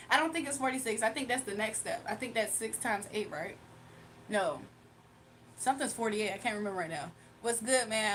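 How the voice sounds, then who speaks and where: A high-voiced woman from Virginia chats casually on her live stream. She reads out viewer comments and teases them playfully, laughing often. A faint hum sits behind her voice. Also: fairly bright tone. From Virginia, USA. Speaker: livestream host.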